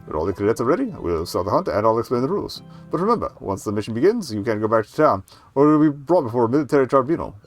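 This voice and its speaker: A man's voice: medium pitch, sing-song, rapid-fire, soft background music. A man voicing a proud retired British army major in his older years, with a light put-on British accent and formal, gallant military bluster.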